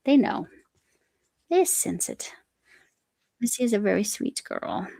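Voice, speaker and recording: A woman's voice: medium pitch, very animated, takes it slowly, vocal fry, warm tone, no echo. A woman hosting a casual live chat while she crochets, reading viewer comments aloud and talking to her cat. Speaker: livestream host.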